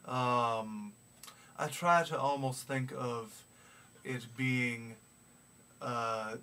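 A young man vlogging in a put-on gentlemanly Southern accent, speaking slowly and formally with many hesitant pauses from a small practice room. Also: mid-range voice. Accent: put-on gentlemanly American Southern. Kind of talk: casual video diary. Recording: distant mic with faint background noise.

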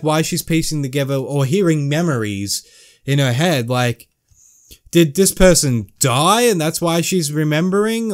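Guy slowly thinking out loud over a game, swears a lot. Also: medium pitch. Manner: slow, musing, swears casually. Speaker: gamer. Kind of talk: let's play commentary.

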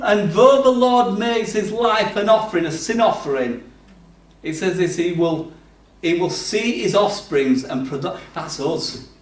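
Guy preaching, goes loud then quiet, roomy church sound from off mic. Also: high-pitched, far from the mic. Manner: conversational, swings from loud to hushed. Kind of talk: sermon. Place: church hall.

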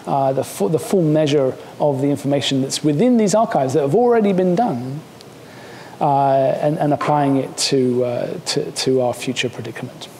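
Man, seminar speaker, chatty and wry, restarts a lot; roomy lecture-hall sound, faint rumble. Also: normal speed, dark tone. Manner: casual, joking, many fillers and restarts. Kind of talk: academic seminar talk.

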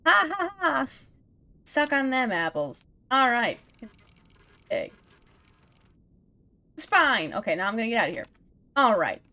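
A woman's voice: a little high, very animated, a little slow, long pauses, sharp tone. A woman giving casual, self-mocking commentary as she plays a video game, talking to herself, laughing and groaning at the game. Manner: exasperated sighs and outbursts at the game. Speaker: let's play gamer.

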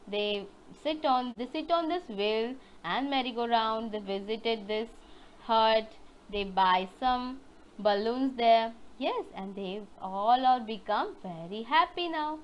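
A woman's voice: a little high, lively intonation, muffled recording. A woman teaching young children online, retelling a story and asking them questions. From India. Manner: slow storytelling with questions to kids.

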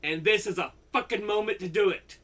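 An older man giving an angry political rant, heavily profane and bursting into shouts. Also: sits high, a little fast, dull audio. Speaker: YouTuber.

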